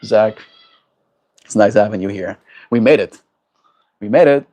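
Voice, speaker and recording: A man hosting a daily livestream, chatting casually and warmly greeting viewers by name in a laid-back, upbeat way. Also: on the low side, measured pace. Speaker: livestream host.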